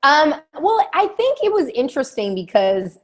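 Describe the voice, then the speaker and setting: A woman's voice: high voice, sing-song, normal speed. A woman in her thirties from San Francisco, telling rambling stories in casual podcast chat and swearing freely. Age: 30s. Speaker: guest.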